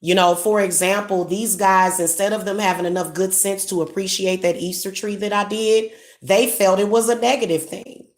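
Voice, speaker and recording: In a casual livestream monologue, a woman who works as a spiritual reader and host preaches and scolds, repeating herself indignantly and stumbling into restarts. Her voice is medium-pitched and steady at a normal speed, and the room echoes.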